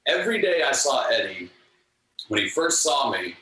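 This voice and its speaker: A man telling earnest stories as a guest, acting out the lines of the people in them. His pitch moves a lot, and his tone is bright. The recording is echoey, picked up from a distance, with faint ambience behind him. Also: normal speed, a little hiss or hum. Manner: animated, earnest, acts out quotes. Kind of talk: storytelling anecdotes in an interview.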